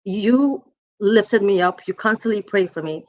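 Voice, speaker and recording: A woman's voice: medium pitch, measured pace. A woman in her forties giving an earnest, emotional tribute speech to her mother at a book launch. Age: 40s. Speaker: author's daughter, speaker.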